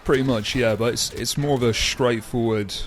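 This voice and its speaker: A man's voice: medium pitch, steady tone, normal speed, slight background noise. A man co-hosting a casual video game chat in a laid-back, agreeable way. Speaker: co-host.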